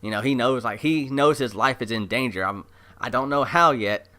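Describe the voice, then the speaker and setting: A man giving a casual, excited recap of an episode as an anime reviewer, chatty and full of fillers. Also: mid-range voice, moderate pace. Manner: chatty, animated retelling with many fillers.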